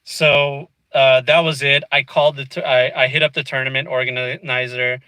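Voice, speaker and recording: A man's voice: medium pitch, level tone, normal speed, bright, forceful tone, smooth, no echo, low-quality recording. A man vlogging from inside a car, casually telling a frustrating story and peppering it with "dude" and "you know what I mean.".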